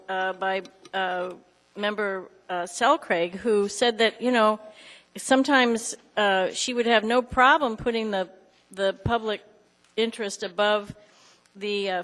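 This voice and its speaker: A woman advising a city assembly, calmly reading out and explaining the text of a rule. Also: fairly high pitch. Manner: measured, reads out legal text. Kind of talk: explaining rules at a public meeting. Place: council chamber. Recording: reverberant council chamber.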